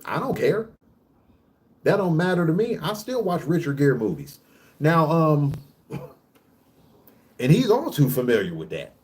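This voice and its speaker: A man's voice: on the high side, very animated, darkish tone. Profane, preachy man ranting on camera. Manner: rapid bursts with frequent restarts. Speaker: vlog host. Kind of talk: casual monologue rant.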